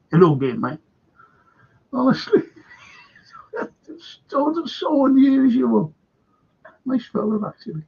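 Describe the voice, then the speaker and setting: An older man with a high, husky voice and vocal fry hosts a live stream, chatting casually as he rambles through viewer comments and loses his train of thought. The stream audio is dull and lo-fi.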